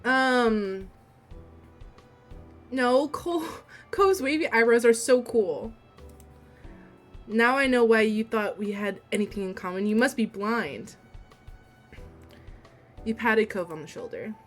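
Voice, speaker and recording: Young woman streamer reading game text out loud, giggly, swears a lot, soft game music in the back. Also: on the high side, takes it slowly, long pauses. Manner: giggly, swears, reads dialogue in a quieter steady voice. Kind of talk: livestream game playthrough, reading story text aloud.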